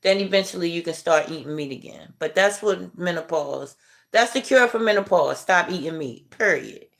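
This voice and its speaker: A middle-aged woman hosting a casual livestream, chatting with viewers in a laid-back, drawn-out way and chuckling as she reads comments. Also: on the low side, vocal fry, fairly bright tone. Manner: laid-back, drawn-out delivery, chuckling while reading chat. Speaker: livestream host.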